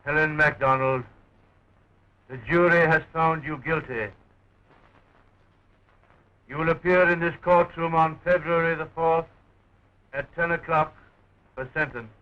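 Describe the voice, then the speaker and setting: A man's voice: fairly high pitch, fairly even intonation, natural voice. A man playing a stern, formal judge. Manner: slow and formal. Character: stern judge pronouncing sentence. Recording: dull 1920s film sound.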